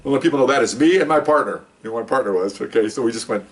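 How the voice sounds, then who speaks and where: An older man, a retired police officer, telling a story in a casual, animated way and acting out the people he quotes. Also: medium pitch, rapid-fire. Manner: animated, acts out quoted voices.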